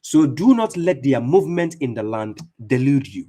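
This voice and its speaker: A man's voice: mid-range voice, very animated, moderate pace, hardly any pauses, mellow. A man giving fierce, mocking religious commentary as an Islamic debater and streamer, speaking with heavy emphasis.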